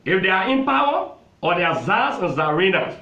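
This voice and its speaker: Speaking on television, a Liberian man who serves as a lawmaker argues a political case with emphasis and repetition. He has a high-pitched, sharp voice, is very animated and talks fairly quickly; the audio is dull and roomy.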